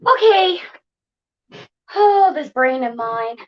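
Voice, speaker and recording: With a high, expressive voice and a slow pace, a woman hosts a laid-back livestream at home. She greets viewers by name, chats, and laughs often, and her tablet recording has the high frequencies cut off.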